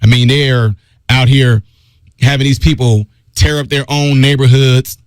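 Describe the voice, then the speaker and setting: A middle-aged man hosting a talk radio show, delivering an emphatic opinion monologue that drops low and loud for stress. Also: fairly even intonation, a little slow, smooth, no echo.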